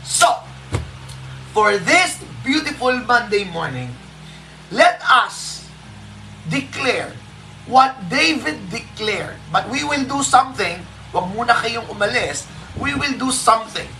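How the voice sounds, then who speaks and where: A devotional preacher with a Filipino accent, giving a live morning sermon slowly and emphatically and repeating key phrases. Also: mid-range voice, sing-song, bright, forceful tone, slight background noise, low-quality recording. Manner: slow and emphatic, repeats key phrases, switches between English and Tagalog.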